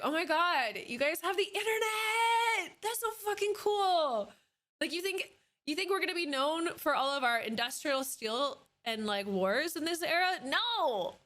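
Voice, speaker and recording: High-voiced excited woman streamer. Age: 30s. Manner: enthusiastic and animated, swears casually. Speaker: livestreamer. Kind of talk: casual livestream chat. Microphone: desk microphone.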